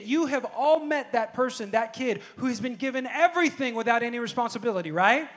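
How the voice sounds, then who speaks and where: A man in his thirties or forties preaching to his congregation in a voice that sits high for a man. He tells family stories, throws questions out to the room, and moves between quiet asides and loud, punchy declarations. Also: lively intonation, a little fast, hardly any pauses. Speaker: pastor. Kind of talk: preaching a sermon. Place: church sanctuary before a congregation.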